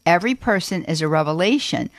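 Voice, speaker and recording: A woman hosting a Catholic call-in radio show, chatty and quick to affirm her callers. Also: fairly low pitch, expressive, no echo, clean studio sound.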